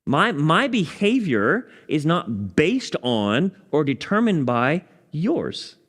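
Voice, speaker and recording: A man pastor, teaching a Bible study and telling a personal story, dropping low and soft at solemn moments. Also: sing-song, slow. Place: church.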